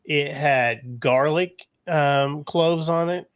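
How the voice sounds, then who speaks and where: A young adult man co-hosting a casual podcast, excitable and chatty, calling his friend dude and man. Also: fairly high pitch, slow, smooth, no echo. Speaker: podcast co-host. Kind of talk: casual chat.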